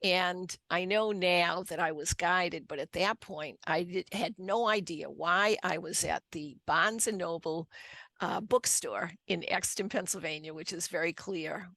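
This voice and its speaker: An older woman with a Boston accent tells her personal story as an interview guest, earnest and unhurried, often restarting and repeating words. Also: lowish voice, pushed and bright, no echo.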